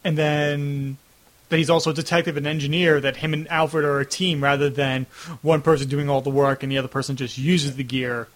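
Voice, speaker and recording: Chatty young man, fairly high voice. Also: level tone, brisk. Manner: rambling, heavy use of "like", acts out reactions. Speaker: host. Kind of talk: casual video-call chat. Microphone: video call.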